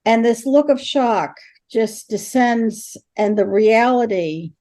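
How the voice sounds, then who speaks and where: A woman's voice: fairly high pitch, slow pace, warm tone. An older woman, a guest in an interview, telling stories with animation and acting out the dialogue. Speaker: interview guest, ghost helper. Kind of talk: storytelling in an interview.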